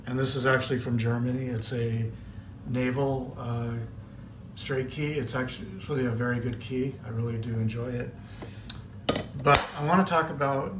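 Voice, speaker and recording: A man at his home radio station giving a casual how-to demonstration, explaining in a relaxed way with frequent fillers. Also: medium pitch. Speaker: ham radio operator explaining iambic keying. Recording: echoey room with audible background noise.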